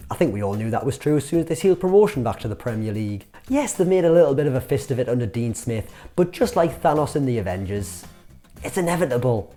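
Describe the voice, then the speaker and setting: A young man runs a comic football commentary vlog, cheeky and sarcastic. His mellow voice swings up and down all over the place, with faint music underneath. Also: medium pitch. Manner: cheeky, sarcastic, lively banter.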